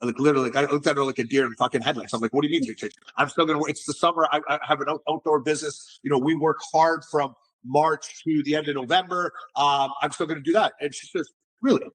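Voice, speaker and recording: A middle-aged man, an entrepreneur being interviewed, telling stories in a casual, animated way and often repeating words as he restarts. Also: fairly high pitch, fast, few pauses. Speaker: entrepreneur guest.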